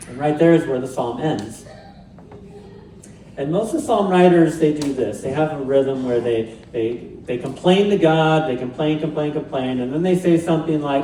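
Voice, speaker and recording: A man's voice: a little high, moderate pace, mellow, slight background noise. A male pastor preaching a sermon in a conversational way with light humor. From Pacific Northwest, USA. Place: church sanctuary. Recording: roomy church sound from a distant mic.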